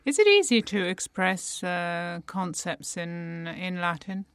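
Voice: mid-range voice, animated, slow, a bit bright, clean tone, no echo. An interviewer in a casual conversation who asks brief, curious questions.

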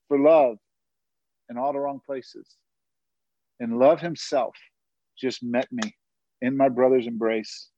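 A man's voice: mid-range voice, darkish tone, no room sound, dull audio. A man giving a personal faith testimony, telling his story earnestly with occasional laughs and asides.

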